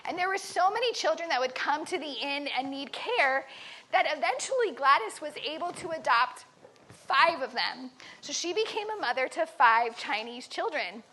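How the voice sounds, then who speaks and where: A woman telling a dramatic story to children at camp, animated and asking them questions. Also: high-pitched, normal speed, a little hiss or hum. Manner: animated, dramatic, quizzes the listeners. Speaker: camp teacher.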